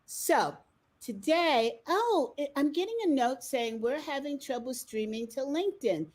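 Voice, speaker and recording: A woman's voice: high-pitched, animated, measured pace. Bubbly woman hosting a live stream. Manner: bubbly, laughing, chatty. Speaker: host. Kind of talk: casual live-stream chat.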